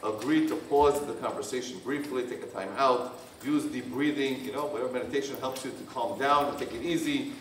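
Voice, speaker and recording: A man's voice: medium pitch, a little fast, hardly any pauses. A man, a rabbi, leading a couples workshop and reading points aloud, then explaining them in plain, repetitive phrasing. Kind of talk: workshop lecture. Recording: echoey room, distant from the mic, faint hum.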